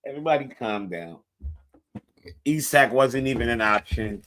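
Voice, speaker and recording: A man's voice: medium pitch, expressive, normal speed, long pauses, fairly bright tone. A man live streaming in casual chat, profane and hyped, pushing his viewers.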